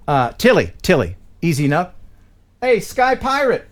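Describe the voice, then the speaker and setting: An American man hosting a live stream, chatting casually and reading viewer mail, with animated reactions. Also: on the high side, unhurried. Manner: animated, laughs and cries out while reacting to clips.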